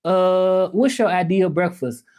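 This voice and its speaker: A man's voice: sits high, measured pace, darkish tone. A man with a Southern US accent chatting casually on a livestream, reading viewer comments and talking straight to the audience. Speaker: livestreamer and language teacher.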